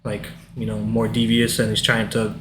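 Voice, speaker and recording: A man co-hosting a film podcast, recounting movie lines in a halting, casual way full of fillers. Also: lowish voice, completely flat delivery, a bit bright, a little hiss or hum. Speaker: podcast co-host.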